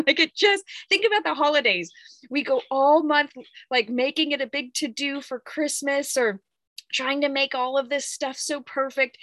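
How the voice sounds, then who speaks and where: A woman's voice: a little high, bright, forceful tone, no echo. A woman in her thirties talking candidly and at length in a rambling, reflective monologue, laughing often as she goes. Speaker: podcast host.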